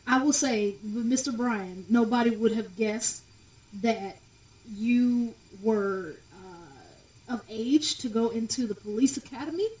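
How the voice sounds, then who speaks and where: Woman, podcast guest, casual chat, animated, emphatic, echoey room, distant mic. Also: fairly high pitch, slow. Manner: animated, emphatic, laughs often.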